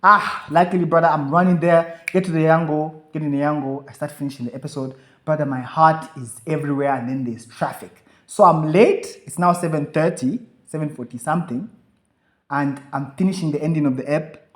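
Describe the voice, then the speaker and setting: Animated man telling a story. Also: a little high, brisk. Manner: animated, swearing, acts out quoted dialogue. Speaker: podcast co-host. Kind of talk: casual storytelling chat.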